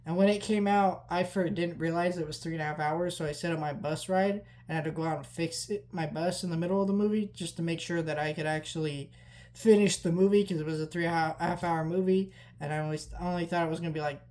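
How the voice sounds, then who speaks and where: A woman's voice: fairly low pitch, fairly even intonation, quick pace, a little mellow. Casual, profane woman vlogger. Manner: rambling, profane, frequent fillers. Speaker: movie vlogger. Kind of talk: casual storytelling vlog.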